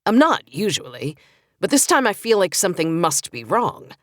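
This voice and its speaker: A woman's voice: fairly low pitch, very animated, normal speed, fairly bright tone, dry recording, studio quality. A woman voicing a man who works as a lab tech and speaks in a boring drawl. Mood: matter-of-fact.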